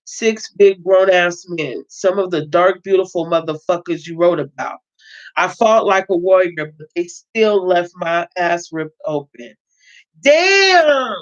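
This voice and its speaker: A woman's voice: on the low side, steady tone, a little slow. A woman hosting a casual book reading, reading a novel aloud and breaking in with her own blunt, emphatic remarks. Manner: emphatic, talks back to the text, swears freely. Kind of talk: casual read-aloud with reactions. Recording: dull lo-fi sound.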